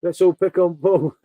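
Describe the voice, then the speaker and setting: A man's voice: high-pitched, dry recording, phone-quality sound. A man hosting a casual beer-tasting live stream, rambling and matey as he chats to his viewers.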